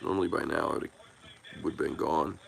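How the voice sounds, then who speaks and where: On a casual YouTube live stream, a man with a very deep, gravelly voice speaks a little fast with fairly even intonation. He thanks viewers by name and rambles earnestly, restarting often, clearly moved by their support.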